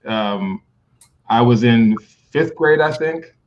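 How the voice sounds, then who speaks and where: A man's voice: mid-range voice, expressive, slow pace. Laughing man in dull lo-fi audio. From New Jersey, US. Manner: laughs often between remarks. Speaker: podcast guest. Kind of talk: casual chat.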